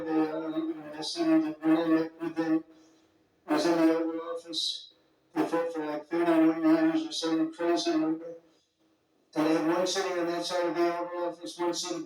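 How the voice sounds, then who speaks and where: At a summit, a political leader with a fairly high, slightly mellow voice talks off the cuff, wandering through digressions and heaping on superlatives. Faint music plays in a very echoey hall, recorded from a distant mic.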